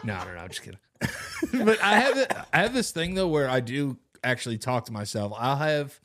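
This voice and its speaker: A man co-hosting a casual podcast chat, loose and profane, who slips into goofy high voices when he quotes someone. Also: huge pitch swings, moderate pace, sharp tone. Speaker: podcast co-host.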